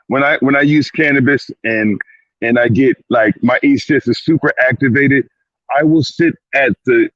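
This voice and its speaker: A man's voice: medium pitch, a bit bright, dry recording, highs cut off. A male clinician speaking as a guest on a panel, emphatic, repeating his words and often slipping into quoted asides. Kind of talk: panel discussion.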